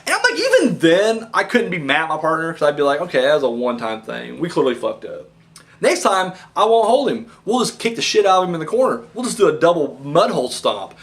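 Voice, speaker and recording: A man's voice: on the high side, fast talker. A man giving a rambling, casual wrestling review, swearing often and acting out what the wrestlers said. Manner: rambling, animated, profane, acts out wrestlers' lines. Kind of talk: casual commentary.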